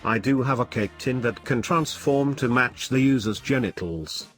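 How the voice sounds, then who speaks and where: A man's voice: medium pitch, normal speed, a bit bright, faint music behind, lightly acted. A man voicing a blunt, flippant young woman baker in a storybook reading, speaking in a dry, offhand way.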